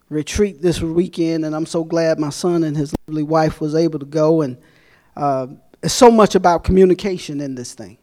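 A middle-aged man preaching a sermon as pastor, folksy and joking with the congregation, fervent and at times shouting. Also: fairly high pitch.

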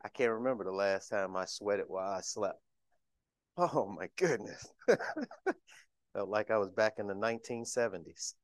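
Folksy middle-aged man preaching, low-voiced. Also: expressive, measured pace, pauses often, no echo. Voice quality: emotional, tearful. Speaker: church deacon. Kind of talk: sermon.

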